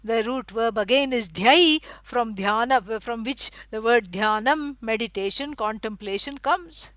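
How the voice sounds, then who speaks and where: A middle-aged woman teaching a scripture lecture. She explains at length, fills pauses with "you know" and stresses words for emphasis. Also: fairly high pitch, expressive, a bit bright, dry recording, rough recording. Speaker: Vedanta teacher.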